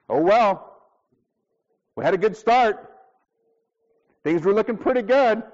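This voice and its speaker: High-voiced preaching man, lo-fi sound. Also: expressive, takes it slowly, long pauses, darkish tone. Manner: emphatic preaching with acted dialogue and rhetorical questions. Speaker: pastor. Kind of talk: sermon.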